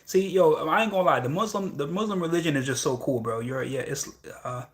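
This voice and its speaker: A man's voice: fairly high pitch, brisk. A young man hosting a casual livestream, rambling and repeating phrases as he answers chat. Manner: rambling, repeats phrases, frequent "you know what I'm saying". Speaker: livestream host reading chat.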